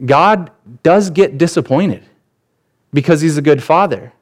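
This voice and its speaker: A man's voice: a little high, normal speed, darkish tone. A man in his thirties, a pastor, preaching a sermon in a conversational way, with personal stories and frequent restarts.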